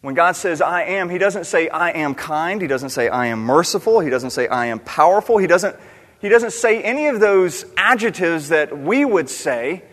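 A man's voice: a little high, expressive, normal speed, a bit bright. A man preaching a sermon in an earnest, questioning way, repeating key words for emphasis. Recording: long reverb of a large hall.

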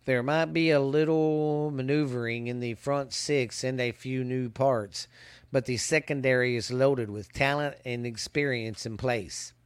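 A man talks through a college football preview at an unhurried pace, often tripping over his words and starting lines again. His voice comes across smooth and clear, and the recording is dry and close. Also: mid-range voice, steady tone, no room sound. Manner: halting, stumbles and restarts while reading stats. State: hiccups. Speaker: podcast host. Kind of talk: casual sports preview commentary. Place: hot outdoors.

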